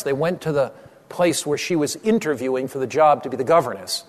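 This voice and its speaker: A man preaching a sermon, telling a story with dramatic pauses and slowing on key phrases. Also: medium pitch. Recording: long hall reverb.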